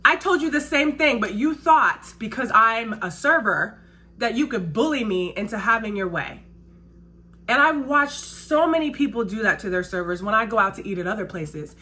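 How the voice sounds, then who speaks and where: A woman's voice: a little high, animated, normal speed, bright, forceful tone. A woman who works as a restaurant server, chatting casually and emphatically while doing her makeup, repeating her key phrases. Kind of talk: casual chat during a makeup routine.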